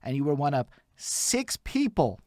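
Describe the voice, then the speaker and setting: Excitable cursing male podcast host, dry sound. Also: on the high side, a little slow, no room sound. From Montreal, Canada. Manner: excitable, profane, restates and recaps. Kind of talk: casual interview chat.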